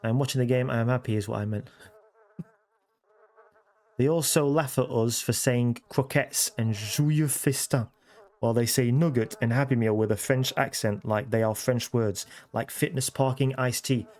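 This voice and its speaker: A man's voice: medium pitch, steady tone, normal speed, a little mellow. A man chatting casually with livestream viewers from his home computer room, repeating phrases and correcting himself as he goes.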